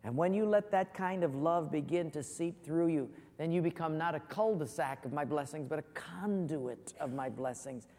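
A man preaching a sermon as pastor, lively and storytelling. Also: a little high, moderate pace, few pauses, in a large hall. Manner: animated storyteller, acts out voices in jokes. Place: church.

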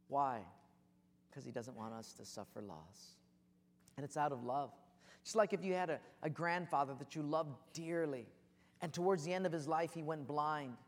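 A man preaching a sermon with passion, building to near shouts as he tells stories. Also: on the high side, in a large hall. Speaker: pastor.

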